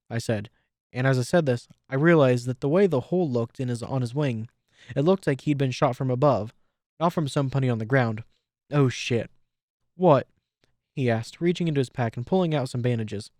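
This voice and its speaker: A man's voice: mid-range voice, dry recording. Man narrating a story, dry and close. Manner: steady first-person storytelling. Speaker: audiobook reader. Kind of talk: reading fan fiction aloud.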